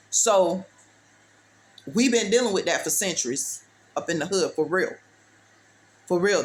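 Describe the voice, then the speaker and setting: A woman with a lowish, slightly bright voice offers a preachy motivational testimony. Her delivery is emphatic and repetitive, sprinkled with street-talk phrasing and calling the listener "baby."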